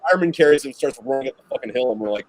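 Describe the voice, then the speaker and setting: A man trades crude barracks stories in relaxed podcast chat, laughing and swearing freely. His voice sits at an average pitch, recorded dry and close with no room sound. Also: racing, no echo, low-quality recording. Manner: profane, laughing anecdotes. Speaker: podcast guest. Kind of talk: casual storytelling chat.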